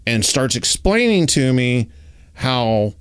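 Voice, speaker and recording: A man's voice: takes it slowly, clear, resonant tone. A man telling a personal story in casual chat, acting out the dialogue and talking with lots of fillers. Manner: animated, acts out dialogue with raised pitch; uses many fillers like "like" and "you know".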